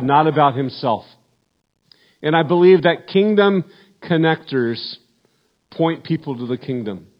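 Middle-aged pastor guy preaching, earnest, slightly high voice, kinda dull lo-fi sound. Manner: earnest, repeats words, voice drops low at ends of points. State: emotional, choked up. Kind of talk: sermon.

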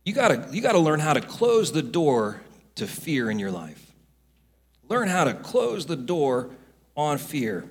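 A middle-aged male pastor preaches with a slightly husky voice that sits a little high for a man. His delivery is animated, with a wide, swooping range, and his storytelling rises into loud, emphatic rebukes. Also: measured pace. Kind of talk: sermon.

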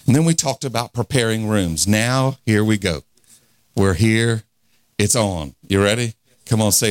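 A man's voice: lowish voice, a little slow, no room sound. A man in his forties preaching a fervent revival sermon, leading the crowd in call-and-response and laughing often. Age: 40s.

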